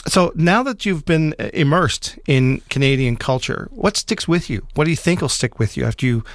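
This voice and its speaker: A man's voice: a little high, expressive, moderate pace, no room sound. Friendly male radio host, dry sound. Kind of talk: radio interview.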